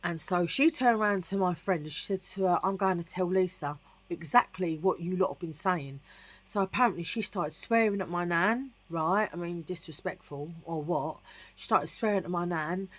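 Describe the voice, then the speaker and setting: A woman's voice: lowish voice, normal speed. A middle-aged woman from Tottenham with a London accent, telling a rambling personal story in casual vlog chat with lots of asides. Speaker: vlogger.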